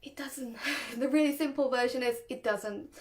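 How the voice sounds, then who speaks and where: A young woman explains handling a nervous dog in an easygoing, talkative way. Her voice sits high and bright in pitch, and she laughs easily between points. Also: moderate pace. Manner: chatty, laughs often, demonstrates voices. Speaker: dog trainer. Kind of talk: casual explanatory talk to camera.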